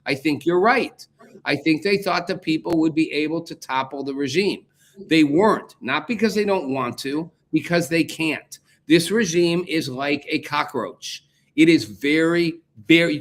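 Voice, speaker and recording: A man's voice: fairly high pitch, moderate pace, fairly bright tone. A man hosting a political talk show, arguing his point emphatically and repeating key phrases for force. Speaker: show host.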